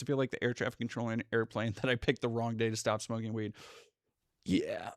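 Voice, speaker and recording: A man hosting a livestream, giving casual reaction commentary in a blunt, profane way with halting restarts. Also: medium pitch, flat delivery, dry recording, clean studio sound. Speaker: livestream host.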